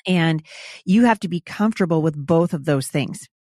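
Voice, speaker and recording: A middle-aged woman with a fairly low voice talks with a guest in a reflective, earnest way. The recording is dry and close, with no room sound. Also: expressive, moderate pace, darkish tone, no room sound. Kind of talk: conversational talk.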